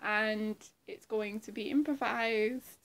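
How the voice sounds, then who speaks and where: A woman's voice: medium pitch, fairly even intonation, takes it slowly, fairly bright tone. A woman chatting casually in a vlog, rambling and self-deprecating, often repeating herself. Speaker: impressionist vlogger.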